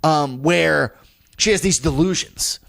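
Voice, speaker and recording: This young adult co-host speaks slowly in a fairly high voice with vocal fry. Chatting casually on a comedy podcast, he's an animated storyteller who plays out the people he quotes and curses plenty.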